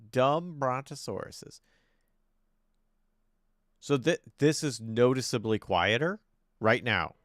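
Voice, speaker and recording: A male streamer talks casually into a desk microphone, thinking out loud and grumbling as he adjusts his settings. His voice sits a bit low and sounds smooth and clean. The sound is dry and close. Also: no room sound. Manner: fiddling with mic settings, thinking aloud, frustrated. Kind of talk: casual live-stream chat.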